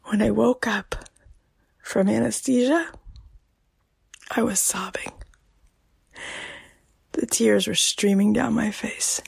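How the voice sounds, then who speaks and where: A woman hosting a podcast, talking softly and emotionally, often dropping almost to a whisper. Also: mid-range voice, steady tone, takes it slowly, vocal fry, pauses often, husky, no room sound. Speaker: podcast host. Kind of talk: personal podcast monologue.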